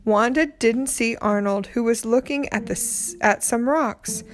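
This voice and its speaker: A woman reads a children's picture book aloud in a slightly high voice, taking her time over each line. Her narration is gentle and clearly paced, with light music faint behind her. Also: a little slow. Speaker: storybook reader.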